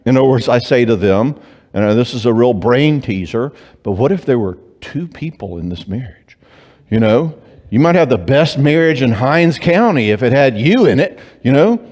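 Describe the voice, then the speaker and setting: A man, a Christian psychologist giving an animated, joking conference talk on marriage. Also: medium pitch. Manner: animated, joking, acts out clients and spouses in quick voices. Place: church hall. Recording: long reverb of a church hall.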